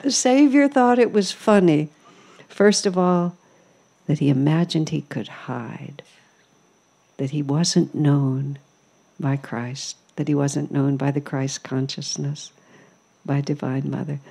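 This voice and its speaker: Speaking slowly in a deep, gravelly, husky voice with fairly even intonation, this woman is a spiritual teacher addressing an ashram hall. Her talk is warm storytelling, amused and reflective in mood.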